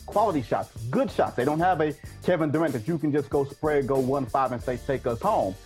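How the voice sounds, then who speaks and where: A man's voice: a little high, a little fast, a little mellow. A man giving brash, emphatic basketball opinions as a guest on a sports talk show, with faint music behind. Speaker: guest analyst.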